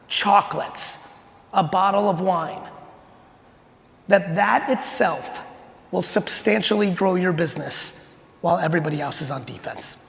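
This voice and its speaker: A middle-aged man on a conference stage, his fairly high voice gravelly and rough at the edges. He tells his story in a fast, punchy, profane way, and his words ring out with the long reverb of a large hall. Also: fairly bright tone. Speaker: keynote speaker. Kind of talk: energetic keynote storytelling.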